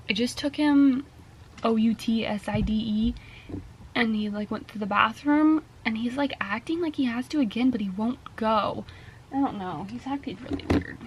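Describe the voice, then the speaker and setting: A woman's voice: fairly high pitch, a little mellow, a little hiss or hum. A young woman in her twenties vlogging while reading, reacting with gushing, emotional exclamations. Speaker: book vlogger. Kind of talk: casual reading vlog chat.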